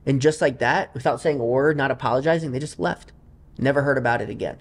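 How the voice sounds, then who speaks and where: Male guest, gambler type; loose, rambling storyteller with an ordinary mid-pitched voice. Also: quick pace. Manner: loose, rambling anecdotes full of asides. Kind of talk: casual interview storytelling.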